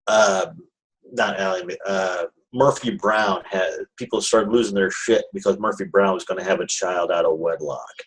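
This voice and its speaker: Podcast co-host guy, kinda low voice, blunt and dry. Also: steady tone, normal speed, low-quality recording. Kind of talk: casual chat.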